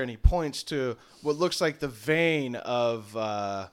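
A man narrating a tabletop role-playing game as game master, describing scenes in a relaxed way with fillers. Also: medium pitch, slow pace, hardly any pauses, clear, resonant tone.

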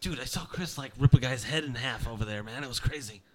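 A wary, laid-back archer, played by a man, who hedges and hesitates before he commits to anything. A crowd murmurs clearly in the background. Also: medium pitch, fast, natural voice. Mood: joking. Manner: hesitant, hedging with "I mean" and "dude".

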